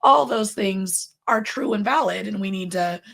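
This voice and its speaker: A woman hosting a casual interview podcast, laughing often and talking in an animated way. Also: mid-range voice, moderate pace, gravelly. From San Francisco Bay Area. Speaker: podcast host.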